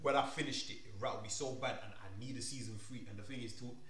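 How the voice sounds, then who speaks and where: A man's voice: medium pitch, fast, a bit bright, slight background noise. A man, a podcast co-host talking emphatically about anime in slangy casual chat. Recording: echoey room.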